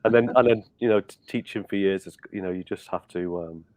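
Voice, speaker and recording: A middle-aged man from Liverpool with a softened Scouse accent, rambling in casual chat with many restarts. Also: on the low side, brisk, no room sound, phone-quality sound. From Liverpool, England. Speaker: guest.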